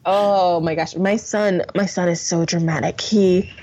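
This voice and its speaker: A woman guest on a podcast, telling stories with animation and acting out the voices she quotes. Her voice is low-pitched and husky. The recording sounds dull and lo-fi. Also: a little slow. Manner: animated storyteller, acts out quotes. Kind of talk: casual chat.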